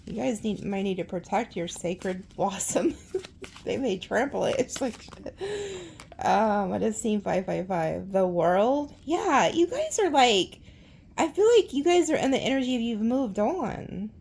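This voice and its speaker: A woman doing a tarot reading in a loose, chatty way, reacting dramatically to each card. Her voice sits at an ordinary middle pitch with a gravelly, fry-tinged edge. She laughs easily and talks bluntly, using slang. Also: big pitch swings, unhurried, a little mellow, slight background noise. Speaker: tarot reader.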